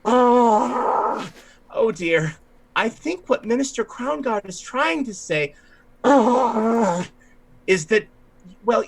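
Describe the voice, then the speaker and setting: A man voicing a fretful, flustered male deacon servant who stammers and babbles. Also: heavily acted. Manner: stammering, babbling, high and fluttery.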